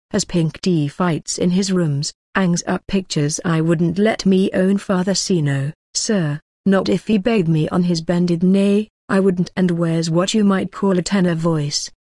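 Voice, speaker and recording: A woman's voice: lowish voice, slow, a little mellow, dry recording, studio quality. A woman voicing a drunken, self-pitying male manservant who rambles thickly in broken grammar, in a storybook reading. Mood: aggrieved.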